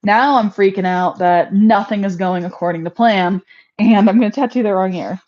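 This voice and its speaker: A chatty woman hosting a casual homestead livestream, laughing at her own mishaps. Her pitch sits in the middle range. The audio is a little dull and lo-fi. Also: moderate pace.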